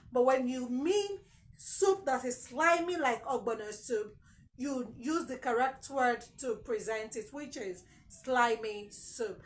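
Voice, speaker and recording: A woman's voice: fairly high pitch, low-quality recording. A woman teaching a lesson, emphatic and repeating words to drill their pronunciation. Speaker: English teacher. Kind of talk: spoken English lesson.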